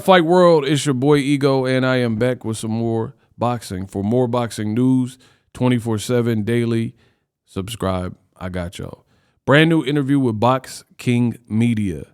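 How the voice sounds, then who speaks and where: A man hosting a boxing news channel, giving casual reaction commentary in an animated, slangy way. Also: mid-range voice, smooth. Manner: animated, slangy, fast banter.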